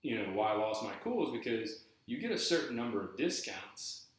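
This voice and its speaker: A man's voice: on the low side, brisk, very echoey, low-quality recording. A man telling a story in a loose, rambling podcast monologue, full of fillers and restarts. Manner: rambling, animated, lots of fillers. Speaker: podcast host.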